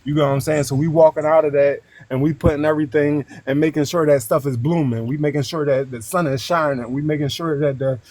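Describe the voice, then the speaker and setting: A man's voice: a little high, fairly even intonation, fast talker, hardly any pauses, darkish tone. A man talking earnestly about spiritual ideas in a casual chat, often checking in with his listener. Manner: earnest and preachy, keeps asking "you know what I'm saying".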